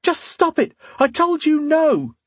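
A man voicing a sly, sharp-tongued young woman in a fantasy audiobook, who hisses curtly and then screams shrilly in fake terror. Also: big pitch swings, normal speed, breathy edge, dry recording, full character voice. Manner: curt hissing turning to shrill fake screams.

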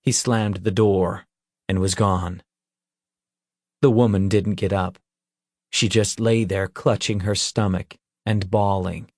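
A man narrating an audiobook in measured, even storytelling. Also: deep voice, no echo, clean studio sound.

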